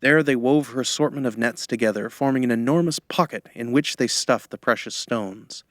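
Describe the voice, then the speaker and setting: A man narrating a fantasy audiobook in a measured storytelling manner, close to the microphone. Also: mid-range voice, fairly bright tone, no echo. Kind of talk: scripted narration.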